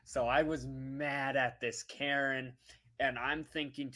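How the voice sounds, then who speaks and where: A woman vlogger telling a travel story in a casual livestream, animated and laughing as she talks to her viewers. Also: rumbling low, slow pace.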